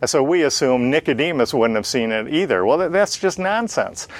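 A man's voice: medium pitch, lively intonation, brisk, dry recording. A man teaching a Bible study in a plain-spoken, explanatory way, with many "uh" fillers.

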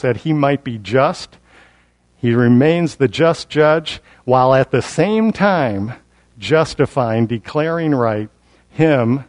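A man preaching an expository Bible sermon, building emphasis through repetition and slowing down on key words. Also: on the high side, a little mellow.

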